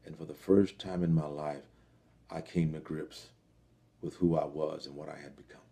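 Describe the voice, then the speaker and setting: Gravelly low-voiced man telling his story. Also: steady tone, mellow. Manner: earnest, reflective, halting with fillers. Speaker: interview guest telling his life story. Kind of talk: personal testimony interview.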